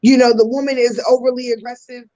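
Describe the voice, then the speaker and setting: A woman's voice: a little high, level tone, quick pace, mellow, highs cut off. Give me a woman podcast host explaining communication styles like a lesson, with casual slang mixed in. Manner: teaching tone with casual slang asides.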